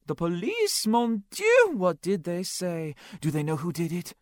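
Audiobook figure: flamboyant man with a put-on French accent, high and fluting, dramatic; lively swoops. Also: measured pace, no room sound, clean studio sound, exaggerated voice. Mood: gushing. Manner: dramatic, gushing.

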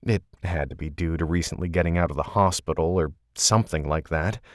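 Deep-voiced male audiobook narrator. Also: dry recording, clean studio sound. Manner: measured storytelling delivery. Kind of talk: scripted narration.

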